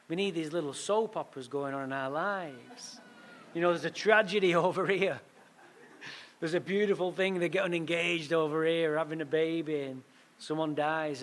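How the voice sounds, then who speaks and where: High-voiced man telling a recovery story. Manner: animated, punchy storytelling with quick asides. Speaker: speaker at a recovery meeting. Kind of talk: storytelling talk.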